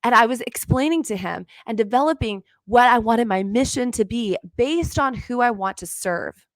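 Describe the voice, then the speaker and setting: A woman's voice: fairly high pitch, fairly bright tone, no room sound. A middle-aged woman hosting a faith-based podcast, telling stories earnestly and acting out her own past lines. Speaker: podcast host and business coach.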